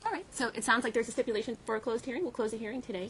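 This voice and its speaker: Brief: a woman judge presiding over a family court hearing, quick and clipped in delivery, a tense edge to her voice, firm and procedural with counsel, a faint hiss under the courtroom audio. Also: fairly high pitch, a bit bright, rough recording. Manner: firm, procedural, explains rulings at length.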